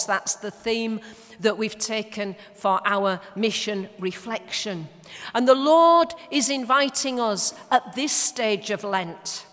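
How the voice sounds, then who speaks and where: Slow Yorkshire woman in a reverberant church. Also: on the high side. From Leeds, northern England. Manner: warm storytelling with humorous asides, some hesitations. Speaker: parish mission speaker. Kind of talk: church talk with anecdotes. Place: large church.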